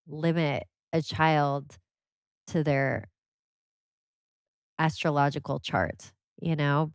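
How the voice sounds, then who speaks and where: A woman with a somewhat low voice chatting as a podcast guest. She tells stories animatedly and leans on "like" a lot. The sound is close and dry. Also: clear, resonant tone, no echo. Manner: animated storyteller, many "like" fillers. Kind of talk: casual conversation.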